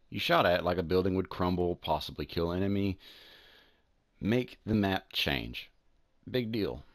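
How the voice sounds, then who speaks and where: A man's voice: sits low, no echo, clean studio sound. A man with a Southern US accent, casually rambling through commentary on his own gaming channel, restarting sentences as he goes. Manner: rambling, restarts, drawn-out words.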